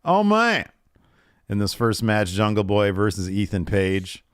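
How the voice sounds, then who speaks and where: A man co-hosting a casual wrestling podcast, talking excitedly with many fillers and restarts. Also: fairly low pitch, normal speed, clean tone, no echo, studio quality. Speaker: podcast co-host. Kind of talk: casual wrestling recap chat.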